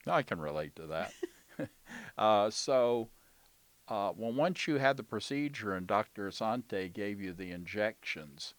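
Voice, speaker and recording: A man's voice: fairly low pitch, animated, measured pace, no echo. A man interviewing a patient, asking questions and encouraging her answers. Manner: encouraging, with frequent backchannels. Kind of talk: casual interview.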